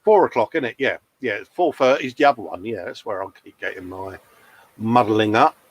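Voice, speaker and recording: A man's voice: fairly low pitch, animated, a little fast, poor audio. Chatty man calling everyone mate. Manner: chatty, self-mocking, laughs often, calls people mate. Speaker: host of a live model-painting stream. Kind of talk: casual chat reading out viewer comments. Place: hobby workbench at home.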